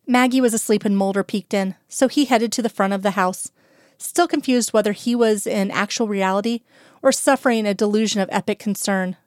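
A woman reads a story aloud in a calm, even voice, speaking close to the mic. Her tone is smooth and clear, and the recording is dry with no room around it. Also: mid-range voice, fairly quick, no echo. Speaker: audiobook reader. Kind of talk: fan fiction audiobook narration.

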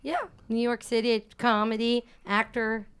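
A woman in her twenties, a comedy actor, telling stories casually on a podcast with quick giggles. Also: on the high side, level tone, fairly bright tone, clear, resonant tone. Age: 20s.

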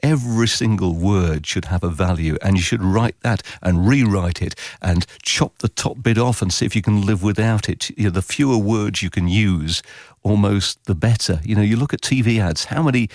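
A man explains his craft in a podcast interview, animated and quick to act out what listeners would think. His voice sits low, recorded close and dry. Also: dry recording. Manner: animated, acts out listener reactions in quotes. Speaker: radio consultant and author guest.

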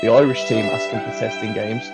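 A man's voice: fairly low pitch, flat delivery, fairly quick, over loud music. A man co-hosting a casual podcast, joking in a wry, self-deprecating way. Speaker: podcast co-host.

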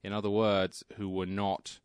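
A man with an English received pronunciation accent, co-hosting a radio talk show and explaining things in a measured, articulate way. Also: on the low side, monotone, clean tone, dry recording, clean studio sound. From England. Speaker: guest co-host.

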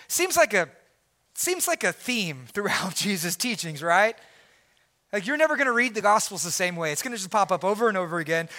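Emphatic high-voiced male preacher. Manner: emphatic, swings from loud preaching to quiet intensity. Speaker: pastor. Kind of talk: sermon.

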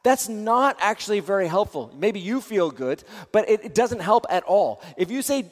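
A man's voice: high voice, expressive, normal speed, few pauses, long reverb tail. A man teaching in a sermon style, earnest, repeating phrases and often restarting his sentences.

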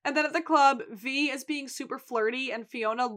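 Bright, high-voiced woman recapping a show. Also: moderate pace. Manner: animated retelling with quoted lines and swearing. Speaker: podcast co-host. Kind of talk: casual TV recap chat.

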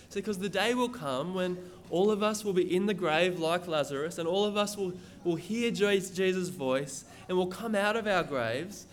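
A man's voice: high-pitched, slight background noise. A man preaching a sermon, reading scripture aloud and explaining it in an earnest, emphatic way. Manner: earnest, emphatic, repeats words when stressing.

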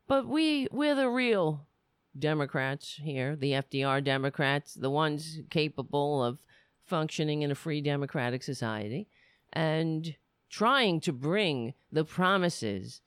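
A political talk host speaking slowly and deliberately, each point pressed home with rising emphasis. The voice is smooth and clear, recorded close and dry with no room sound. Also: fairly bright tone, dry recording. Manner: emphatic and deliberate, pitch rising on key words. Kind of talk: opinionated political commentary.

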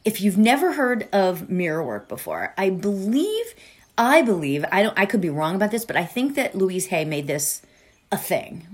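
This podcast host, a middle-aged woman, has a medium-pitched, breathy voice with big swings in pitch and a moderate pace. She chats casually and kindly, full of fillers and asides, in the lead-up to a meditation.

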